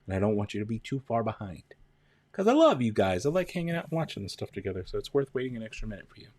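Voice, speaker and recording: A man's voice: on the low side, very animated, racing, a little mellow, dry recording. A man hosting a casual livestream, chatting with viewers, greeting them by name and counting down. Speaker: livestream host.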